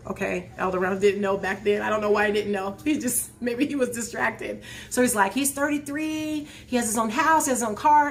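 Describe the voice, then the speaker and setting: A woman in her forties hosts a live show and tells a personal story in a casual, animated way. She talks straight to her viewers and laughs often. Her voice sits a little high and sounds bright and forceful. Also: a little hiss or hum. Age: 40s. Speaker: host of a live talk show.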